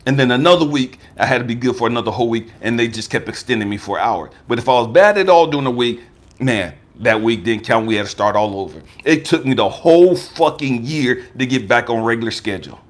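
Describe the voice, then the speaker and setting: An American life coach in his fifties gives a personal testimony talk, speaking fast and expressively. He is emphatic and profane, swinging between raised outbursts and low murmurs.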